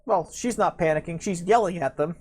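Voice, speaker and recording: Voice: medium pitch, brisk, darkish tone. A player in a tabletop game, arguing for their moves in an insistent way. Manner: argumentative, insistent. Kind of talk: casual tabletop game chat.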